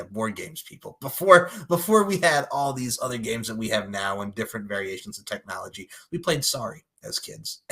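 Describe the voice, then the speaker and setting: Husky guy on a podcast, bright edgy voice, swearing and laughing, doing the movie lines. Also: on the low side. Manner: animated, profane, laughing often, acting out movie lines. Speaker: podcast co-host. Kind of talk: casual pop culture movie recap chat.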